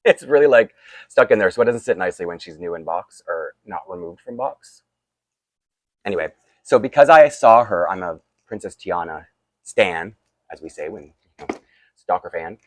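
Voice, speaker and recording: Tired guy w/ a lowish voice, rambling unboxing chat, lots of little asides. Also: animated, moderate pace, pauses often, no echo. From Canada. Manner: chatty and rambling, with frequent laughs and asides. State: tired and groggy. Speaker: toy collector vlogger. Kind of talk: casual unboxing vlog.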